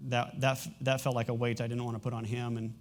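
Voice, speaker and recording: A middle-aged man, a pastor, speaking candidly to his congregation in a church, halting and emotional, with frequent restarts. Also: mid-range voice, little pitch movement. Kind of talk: sermon announcements and personal testimony. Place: church sanctuary.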